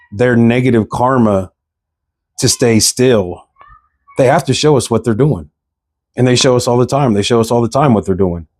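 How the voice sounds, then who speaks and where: A man's voice: on the low side, darkish tone, no echo. A man speaking, giving a passionate spiritual monologue to camera that repeats phrases and fires off rhetorical questions. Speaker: vlogger.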